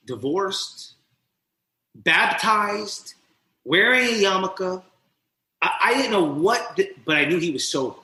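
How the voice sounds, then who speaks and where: Male podcast guest with a forceful, bright voice, swearing and acting out voices as he tells his story, in a roomy space. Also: high voice, measured pace. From New Jersey. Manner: animated, profane, acts out quoted voices. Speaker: podcast guest, recovery mentor. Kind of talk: personal storytelling in an interview. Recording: roomy echo.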